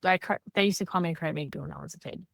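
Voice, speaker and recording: Woman, podcast co-host, candid heartfelt chat, fairly low voice, dry sound. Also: racing, gravelly, dry recording. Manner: candid, animated when quoting others.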